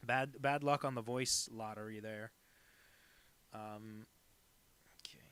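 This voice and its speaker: A man's voice: fairly low pitch, fairly even intonation, takes it slowly, fairly bright tone, slight background noise. A man chatting casually on a live stream while drawing, rambling and self-deprecating with lots of asides. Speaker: cartoonist streaming a drawing session.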